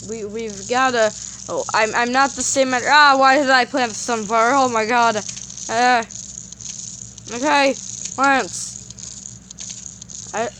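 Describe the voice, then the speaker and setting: This gameplay commentator is an excitable woman with a fairly high pitch who talks through her game at a leisurely, drawn-out pace. Setbacks make her ramble, fumble her words and repeat herself, but she drifts back to casual chatter. A little hiss or hum is audible.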